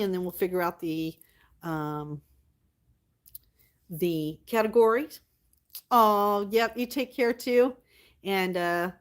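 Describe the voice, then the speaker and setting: A chatty woman hosting her own livestream, talking loosely and easily to her viewers. She keeps answering their comments as they come in and thanks them often and warmly. Her pitch sits in an ordinary middle range for a woman. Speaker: livestream host. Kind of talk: casual livestream chat.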